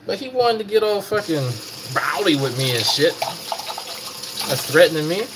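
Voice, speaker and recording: Animated, profane man ranting. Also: a little high, normal speed, noisy background. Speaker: commentary host. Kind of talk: casual ranting commentary.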